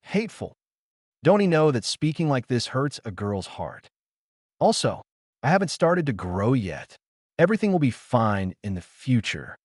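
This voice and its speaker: A man voicing an excitable, hot-tempered teenage ninja girl with gushing, indignant outbursts. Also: mid-range voice, normal speed, dry recording, studio quality.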